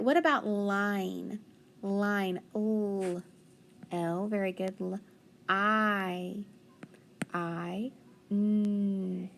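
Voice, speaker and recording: A woman with a mid-range voice teaches young children a phonics lesson, patiently encouraging them and sounding out words slowly. There's a little hiss or hum in the recording.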